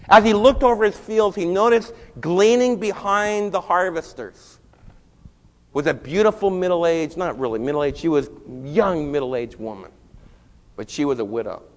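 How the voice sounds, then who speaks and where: Animated preacher man, reverberant hall. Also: fairly high pitch. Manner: storytelling preacher, rising to animated peaks. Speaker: pastor. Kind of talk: sermon.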